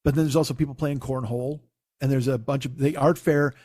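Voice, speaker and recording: A comedian and podcast host with a mid-range, darkish voice and fairly even intonation tells a long, rambling story a little fast. He keeps restarting and quotes people conversationally with "I go, he goes."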